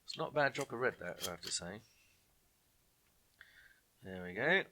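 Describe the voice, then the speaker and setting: A man hosting a casual online quiz night, reading each question slowly and twice, with jokey asides between questions. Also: mid-range voice, expressive, sharp tone, slight background noise. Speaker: quiz host.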